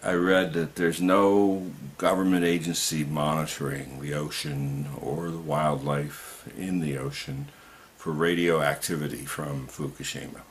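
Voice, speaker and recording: Gravelly, indignant ranting man. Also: low voice. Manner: indignant and ranting, rising to outbursts. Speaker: video commentator. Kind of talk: impassioned political monologue.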